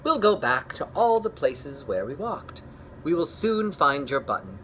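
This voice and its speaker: A man's voice: fairly high pitch, sing-song, unhurried, a bit bright, a little hiss or hum, rough recording. A man doing a cheerful, helpful frog. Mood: encouraging. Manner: cheerful and encouraging. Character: kind, helpful male frog, a loyal friend.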